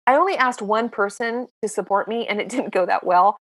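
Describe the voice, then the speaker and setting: Woman, 60s, podcast guest, animated self-mocking storyteller, mid-pitched, dry sound. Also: a little fast, no room sound. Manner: lively, self-mocking storyteller who acts out dialogue. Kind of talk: casual interview storytelling.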